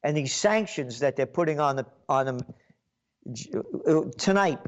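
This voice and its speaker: A man's voice: fairly high pitch, expressive, moderate pace. A man giving an indignant, repetitive political rant as a commentator.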